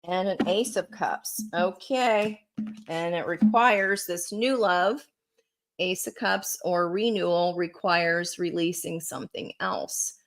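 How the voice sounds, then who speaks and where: A woman's voice: lowish voice, slow, poor audio. A woman giving a casual tarot reading, chatty and encouraging, talking straight to her viewers. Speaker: tarot reader.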